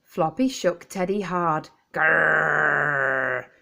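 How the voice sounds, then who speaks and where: A woman reading a children's picture book aloud, clear and expressive for young listeners. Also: medium pitch, slow. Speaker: storyteller.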